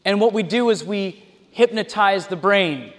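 A man preaching a sermon, animated, with mocking asides and mimicry. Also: high-pitched, a little slow. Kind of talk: sermon with impressions and sung examples. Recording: long hall reverb.

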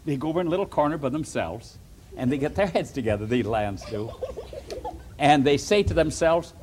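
Animated man telling a children's story. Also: on the high side, moderate pace, a little hiss or hum. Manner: animated, theatrical, directing children acting out the story. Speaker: preacher.

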